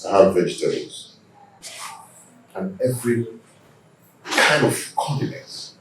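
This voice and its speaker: An actor with a Nigerian accent playing a boastful husband defending himself before elders. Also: male voice, on the low side, animated, slow pace. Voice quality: boastful, insistent. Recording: echoey room, distant mic, faint noise.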